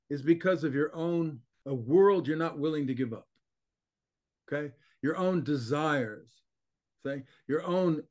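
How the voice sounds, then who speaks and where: As a guest in an interview, this older consciousness teacher talks bluntly and with emphasis, laughing frequently and checking in rhetorically with the person he's addressing. He speaks slowly with long pauses, in a slightly high voice with a darkish tone.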